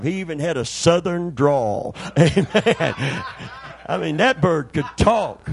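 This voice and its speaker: An older man preaches a sermon built on folksy stories, doing the voices of the people in them. His pitch sits fairly high and his delivery is expressive and a little slow, with vocal fry and a slightly rough texture.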